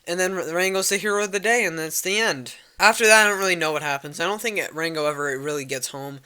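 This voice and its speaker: A young male vlogger with a high, bright, pushed yet smooth voice casually recaps a movie plot at a quick pace. He rambles, leans heavily on fillers, and swears a lot.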